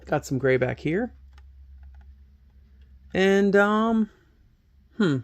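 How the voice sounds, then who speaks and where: A man's voice: high voice, animated, very slow. A man hosting a laid-back painting tutorial, chatting and joking about himself as he thinks aloud close to the camera microphone. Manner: chatty, self-mocking, thinks aloud while working. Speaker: hobby painting channel host. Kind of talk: relaxed painting tutorial talk. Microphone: camera microphone close to his face.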